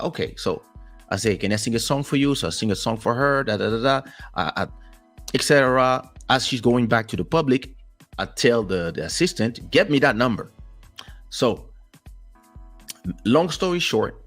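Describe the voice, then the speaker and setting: A man whose first language is French tells a story in casual podcast chat, his voice swinging widely up and down as he acts out the people in it. His pitch sits in a middle range, and faint music plays behind him. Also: animated, normal speed, a bit bright. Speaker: podcast co-host.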